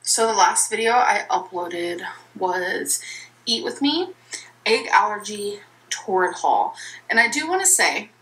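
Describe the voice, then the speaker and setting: A woman's voice: medium pitch, very animated, a little slow, fairly bright tone, rough recording. A woman chatting casually in a vlog, rambling and giggly. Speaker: vlogger in a played clip.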